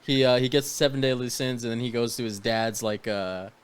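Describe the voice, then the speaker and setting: A man chatting casually on a movie review podcast. He swears freely and breaks into loud laughs and shouts when something excites him. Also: medium pitch, fairly quick, clear, resonant tone. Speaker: podcast co-host.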